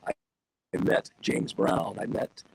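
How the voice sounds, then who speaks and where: An older man, a veteran radio broadcaster, telling stories enthusiastically over a video call that makes him sound robotic. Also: unhurried. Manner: enthusiastic, wide-ranging delivery. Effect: robotic digital distortion. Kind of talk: casual storytelling interview.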